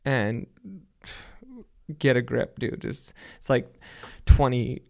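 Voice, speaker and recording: A young man telling stories as a podcast guest, animated and full of swearing. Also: medium pitch, slow, vocal fry. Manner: profane, animated storytelling. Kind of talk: casual chat.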